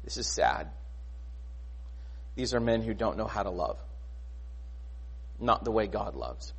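A man preaching a sermon in a conversational, animated way, often asking rhetorical questions. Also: on the low side, a little slow, creaky, slightly rough. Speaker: pastor.

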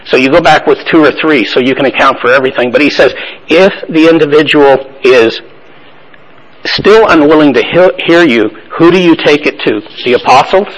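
A man's voice: fairly high pitch, normal speed, poor audio. A man teaching a Bible study class in a plain-spoken, conversational way, asking the group questions and affirming their answers.

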